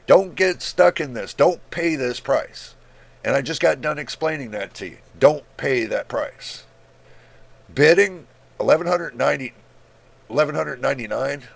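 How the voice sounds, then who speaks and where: A man's voice: mid-range voice, animated, moderate pace, creaky. A man in a casual, exasperated rant as a tech video host, blunt and incredulous, swearing freely. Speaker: tech YouTuber. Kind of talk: casual screen-share rant.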